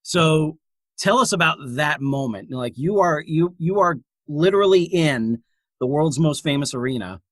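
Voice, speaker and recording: A man's voice: a little high, lively intonation, moderate pace, a bit bright, dry recording. A man hosting a podcast, asking loose, casual questions full of fillers. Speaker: podcast host. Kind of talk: casual interview.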